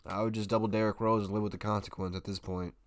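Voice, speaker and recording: A man's voice: on the low side, level tone, fast, no room sound, studio quality. A man hosting a live basketball watch-party stream, chatting casually with his viewers, often restarting his sentences. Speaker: sports live stream host. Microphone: desk microphone.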